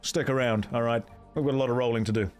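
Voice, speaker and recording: A man's voice: mid-range voice, fairly even intonation, quick pace, soft background music. A man streaming a game and chatting casually with his viewers in a joking manner, from a home setup with a desk mic. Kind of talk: casual gameplay commentary.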